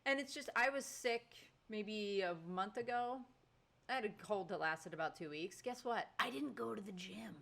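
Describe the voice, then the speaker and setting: A woman co-hosting a podcast, telling a story in casual chat with animated exasperation. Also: mid-range voice, moderate pace, creaky. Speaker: podcast co-host.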